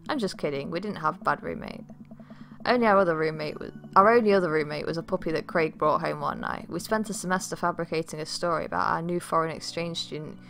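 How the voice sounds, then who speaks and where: A woman's voice: low voice, quick pace, vocal fry. A woman voicing a teasing, sentimental single father in a dating game. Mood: fatherly. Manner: warm, teasing, easily moved. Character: doting, sentimental single dad.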